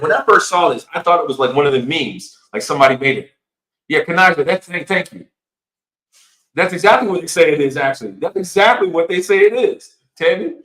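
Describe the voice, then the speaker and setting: Man, podcast co-host, casual chat, lively storytelling, laughs often, pitch leaps around, echoey room. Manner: animated storytelling with frequent laughter.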